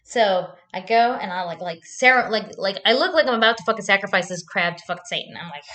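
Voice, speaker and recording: A woman's voice: medium pitch, lively intonation, fairly quick, fairly bright tone. Casting: casual woman vlogger, rambling and profane, talking to camera at home. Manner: rambling, profane storytelling with frequent likes.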